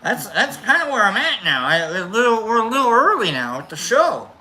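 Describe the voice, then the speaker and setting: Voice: mid-range voice, big pitch swings, brisk, sharp tone. A live-stream host chatting loosely with viewers, rambling with many restarts and fillers.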